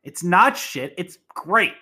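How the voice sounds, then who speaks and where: Bright-voiced man bantering playfully. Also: high-pitched, sing-song, takes it slowly. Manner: playful, argumentative. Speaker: podcast co-host. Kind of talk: casual movie chat.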